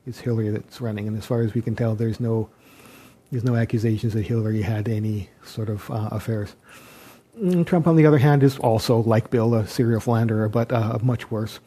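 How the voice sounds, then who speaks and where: A man giving an unscripted political commentary, hesitant and halting, with sardonic asides. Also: lowish voice, steady tone, warm tone. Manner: hesitant, many ums and restarts, sardonic asides.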